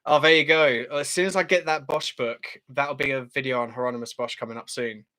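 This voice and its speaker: A man's voice: mid-range voice, steady tone, a little fast, pushed and bright. A British man hosting a casual livestream, chatting as he reads out viewer comments, with frequent fillers and laughs. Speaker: channel host.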